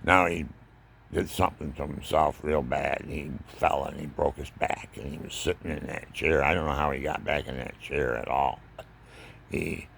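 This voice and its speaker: A man's voice: extremely low pitch, moderate pace, creaky, slightly rough. An older man talking casually about faith and family, rambling and preachy as he tells his stories. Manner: rambling, preachy, animated storytelling. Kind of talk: casual religious monologue.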